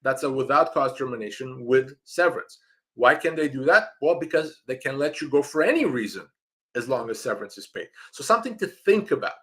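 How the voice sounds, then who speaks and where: A middle-aged man from Canada answers viewers' questions live as an employment lawyer. He talks in a direct, emphatic way and circles back to repeat the points that matter. His pitch sits in an ordinary middle range for a man. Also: expressive, fairly quick, bright, forceful tone. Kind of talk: live-streamed advice Q&A.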